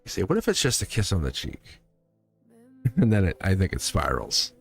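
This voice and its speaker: A man reads tarot live for a viewer in a loose, chatty way, reassuring her and breaking into laughs. His pitch swings widely as he talks. Soft music plays faintly behind him. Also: huge pitch swings, moderate pace, creaky, breathy edge. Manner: chatty and reassuring, laughs often, acts out quoted lines. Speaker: tarot reader hosting a live stream.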